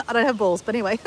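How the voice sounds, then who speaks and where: A woman's voice: high-pitched, bright, forceful tone, a little hiss or hum. An Australian woman chatting casually with her live-stream viewers in a rambling, self-deprecating way.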